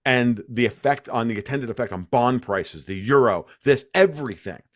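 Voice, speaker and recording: A man's voice: mid-range voice, animated, normal speed, no room sound, clean studio sound. A man giving his views as an interview guest, ranting emphatically and restarting his sentences often. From United States. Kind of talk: animated conversational interview.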